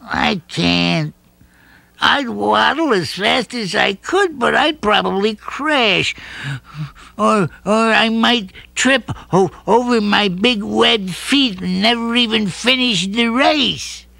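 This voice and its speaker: A man's voice: high-pitched, takes it slowly, gravelly, no echo, voice pushed up, exaggerated voice. A man voicing Weatherby, a timid little duckling. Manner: soft, hesitant, self-doubting. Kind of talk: storybook character voice.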